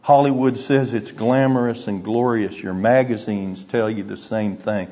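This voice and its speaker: Slow, husky male preacher in a hall. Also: fairly low pitch, fairly even intonation. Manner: earnest, deliberate storytelling that drops to hushed, grave tones. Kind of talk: sermon. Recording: dull recording in a reverberant hall.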